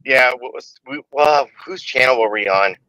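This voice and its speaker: A man's voice: mid-range voice, moderate pace, sharp tone, no echo, rough recording. A man in casual livestream chat, ranting emphatically with lots of swearing.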